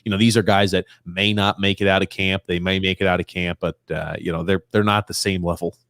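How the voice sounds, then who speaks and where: A man's voice: deep voice, flat delivery, brisk, a bit bright, dry recording, clean studio sound. A man hosting a sports podcast who reads out listener comments in chatty, casual talk. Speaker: podcast host.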